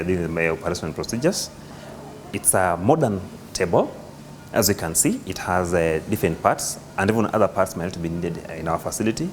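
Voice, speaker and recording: A hospital worker showing an operating table and groping for words as he explains it. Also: sits low. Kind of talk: explaining equipment on a tour.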